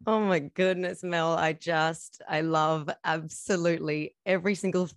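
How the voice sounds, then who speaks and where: Low-voiced woman host, earnest. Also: steady tone, unhurried. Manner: earnest, reflective, speaks with long winding sentences. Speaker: interview host. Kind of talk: heartfelt conversational interview.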